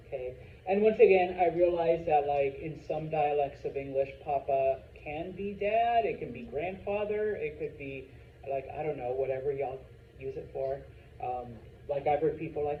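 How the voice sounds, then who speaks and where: Joking Spanish teacher in an echoey classroom. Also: male voice, a little high, expressive, normal speed. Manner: joking, chatty, often asks "okay?". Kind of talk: classroom lecture. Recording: tinny, echoey classroom recording with faint hiss.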